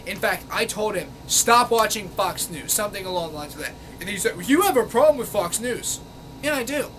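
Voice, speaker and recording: A man's voice: high-pitched, pushed and bright, slight background noise, rough recording. A man ranting angrily at a commenter, sarcastic and exasperated, swearing often. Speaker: vlogger. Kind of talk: angry rant reading out comments.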